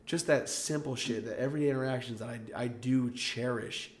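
A man's voice: mid-range voice, a little fast. Young Southern man chatting casually. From American South. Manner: relaxed storytelling with frequent "like" fillers. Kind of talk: casual chat.

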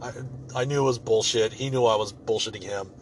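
A man's voice: fairly low pitch, a little fast, slight background noise. A man telling a story in a casual, rambling way, swearing freely and joking as he goes. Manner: profane, rambling, loose and joking.

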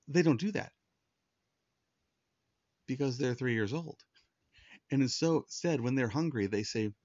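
A man's voice: mid-range voice, slow, pauses often, no echo, dull audio. A man preaching a sermon in an earnest, conversational way, often restarting his sentences. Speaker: pastor.

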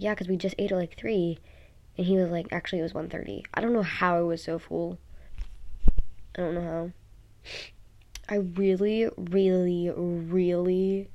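A teenage girl rambles into her phone at home in a loose, chatty vlog, sounding tired. Her voice sits a little low with lots of gravelly vocal fry, and she strings thoughts together with plenty of "like" and "um". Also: dark tone. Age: teens. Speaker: vlogger. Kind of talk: casual rambling vlog chat. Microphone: phone app recording.

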